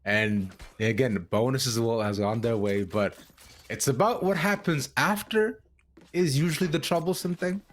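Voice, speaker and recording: A man's voice: medium pitch, normal speed. A man co-casting a live esports match, hyped and playful, joking with slang and stretching words for emphasis. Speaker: esports co-caster. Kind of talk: live color commentary, casual banter.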